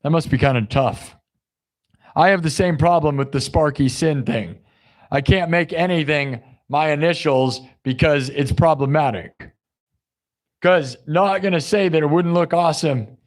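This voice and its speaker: A man's voice: on the high side, a little slow. A young man hosting a live music stream, chatting and joking casually with his viewers. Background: live guitar music.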